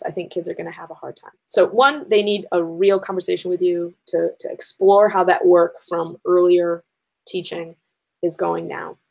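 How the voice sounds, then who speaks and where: Gravelly-voiced woman giving a teacher talk. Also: fairly low pitch, low-quality recording. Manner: conversational, frequent ums and likes; explains step by step, enumerating points.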